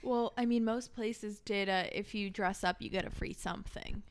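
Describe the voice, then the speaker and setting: A woman's voice: mid-range voice, fairly even intonation, moderate pace. A young woman in her twenties co-hosting a podcast, talking bluntly and crudely in a joking tone. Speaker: podcast co-host. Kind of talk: casual chat.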